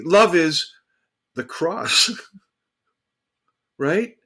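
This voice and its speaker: A man co-hosting a casual theological discussion, talking in an animated, emphatic way and repeating phrases for emphasis. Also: on the high side, drawn-out words, pauses often. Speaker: podcast co-host.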